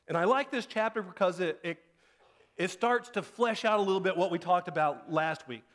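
A man with a high voice preaching in a relaxed, chatty way. He tells a story about his family and jumps even higher when he acts out the voices in it. He sounds like a pastor in his thirties. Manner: conversational storytelling, acts out quoted lines with rising pitch. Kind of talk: sermon.

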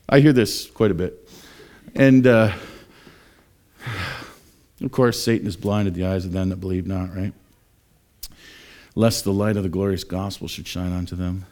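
A man preaching a sermon, sometimes mocking scoffers in high, exaggerated voices. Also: fairly even intonation, unhurried, pauses often, darkish tone. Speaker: pastor. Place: church.

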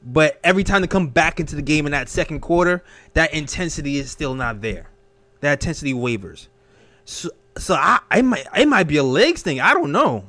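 A man hosting a casual sports talk show, animated and emphatic, tossing out questions as he thinks aloud. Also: on the high side, brisk. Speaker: host.

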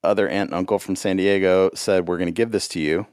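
A man's voice: sits low, steady tone, quick pace, a little mellow, smooth, dry recording, clean studio sound. A man, a musician guest on a podcast, telling a rambling story in casual chat with frequent laughs.

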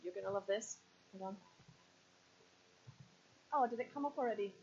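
A woman's voice: medium pitch, normal speed, darkish tone, husky. A Scottish woman in her thirties preaching a sermon, joking with the audience and then speaking with earnest urgency. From Scotland. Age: 30s. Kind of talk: sermon with props and stories. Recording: slightly dull, lo-fi sound.

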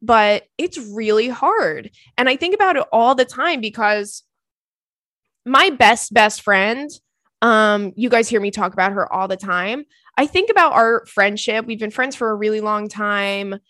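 A woman's voice: fairly high pitch, animated, unhurried, a bit bright, dry recording. Chatty young woman, dry close sound. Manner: chatty, ranting, laughs often. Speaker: podcast host. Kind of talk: casual chat.

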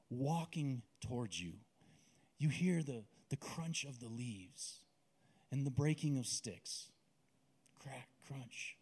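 A man preaching a sermon and guiding listeners through a visualization, with a slow, intimate, dramatic delivery. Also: mid-range voice, darkish tone, husky.

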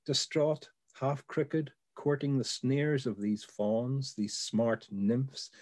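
A man discussing poems in conversation and then reading a poem aloud in a measured way. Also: mid-range voice, fairly even intonation, darkish tone. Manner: brief agreeing replies, reads aloud with measured phrasing.

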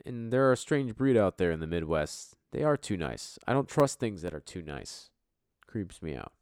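A man's voice: sits low, big pitch swings, normal speed, darkish tone, no room sound, studio quality. A man hosting a casual podcast, brash and joking, swearing freely as he runs through rankings. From US East Coast. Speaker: podcast host and league commissioner. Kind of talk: casual, profane commentary.

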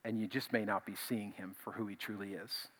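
A male pastor preaching a conversational, animated sermon, often repeating himself as he builds a point. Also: lowish voice, fairly quick.

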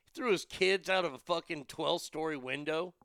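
A man's voice: a little high, fairly quick, fairly bright tone, smooth, no room sound, studio quality. A man hosting a podcast, reading odd news stories and ranting about them with crude, profane, mocking outrage. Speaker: podcast host. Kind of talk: crude comedic news rant.

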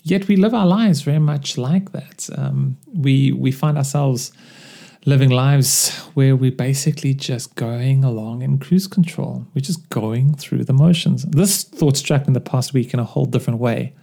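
A man's voice: medium pitch, normal speed, vocal fry, mellow. A man hosting a solo podcast, talking casually in a rambling, self-deprecating way with lots of fillers. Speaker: podcast host.

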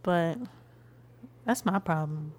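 A young woman in her twenties co-hosts a casual podcast chat. She talks in a relaxed, easygoing way and laughs readily. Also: on the low side, slow. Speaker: podcast co-host.

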